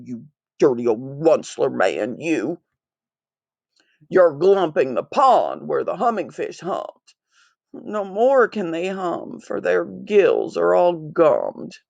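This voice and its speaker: A small, gruff old creature scolds in a croaky, coughing voice, as a woman puts him on for a storybook reading. He talks slowly with a gravelly edge. The sound is dry and close. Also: low voice, a little mellow, no room sound, exaggerated voice. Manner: scolding, indignant.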